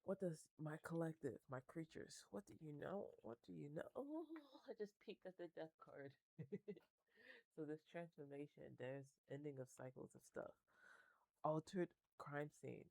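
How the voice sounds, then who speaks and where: Gravelly, mellow-voiced tarot reader. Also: mid-range voice, normal speed, low-quality recording. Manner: rambling, chatty, with frequent laughs and casual swearing. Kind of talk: casual tarot reading to camera.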